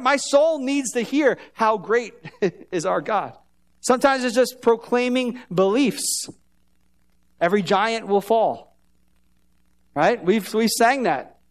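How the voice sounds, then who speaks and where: A man preaching a sermon as pastor in a church, talking conversationally and often asking the congregation questions. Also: high-pitched. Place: church sanctuary.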